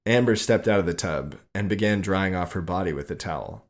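A man reading his own adult short story aloud in a slow, measured way. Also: low voice.

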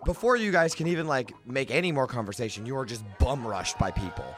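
A man running a tabletop game as game master, narrating casually with plenty of filler words. His voice is mid-pitched and lively in its rise and fall. Soft music plays beneath. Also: fast talker.

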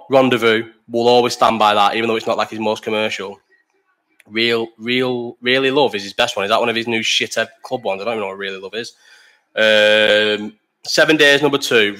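A man's voice: medium pitch, a bit bright. A young man with a Bolton accent hosting a casual live stream chat, blunt, sweary and opinionated, jumping from topic to topic. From Bolton, England.

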